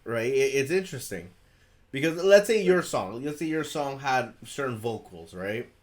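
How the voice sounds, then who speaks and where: A man co-hosting a casual podcast over a video call, talking loosely and excitably, swearing and laughing often. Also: mid-range voice, moderate pace. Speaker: podcast co-host.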